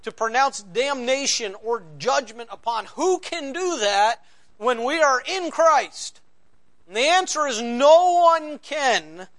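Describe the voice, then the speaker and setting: Man, pastor, sermon, very high-pitched, unhurried, repeats key phrases, loud-to-hushed swings. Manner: preaching with sweeping swings from loud emphasis to near-whispered lows; slow deliberate repetition of key phrases.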